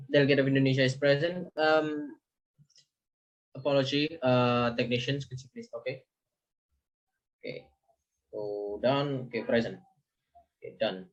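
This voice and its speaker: A man's voice: medium pitch, lo-fi sound. A man chairing a model UN committee session, moving between items with many fillers and repeated okays.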